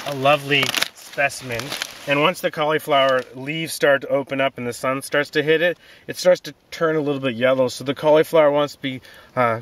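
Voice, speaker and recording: A man giving a relaxed, folksy gardening demonstration outdoors in his vegetable garden, with many fillers. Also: medium pitch. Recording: distant outdoor mic, faint noise.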